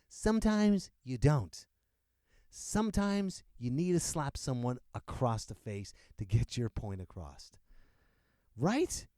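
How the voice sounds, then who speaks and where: A male podcast host rants off the cuff in a joking, animated style, his pitch leaping up and down. He sits close to the microphone in a dry, dead-sounding space. His voice sits fairly high for a man. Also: dry recording. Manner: animated, joking, laughs often. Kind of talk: unscripted comedic rant.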